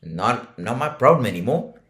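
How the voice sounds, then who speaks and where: A man's voice: mid-range voice, lively intonation, fairly bright tone, voice pushed down, close to an everyday voice. A man mocking a callous, gleeful young killer. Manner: flippant, gleeful, rushed. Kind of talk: podcast mockery.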